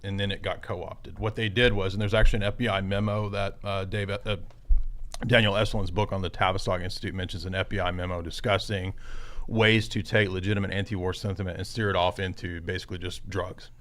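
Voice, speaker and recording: A man who is an author and a podcast guest, explaining rapidly and citing sources as he goes. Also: sits low, level tone, fairly bright tone. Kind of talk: casual podcast chat.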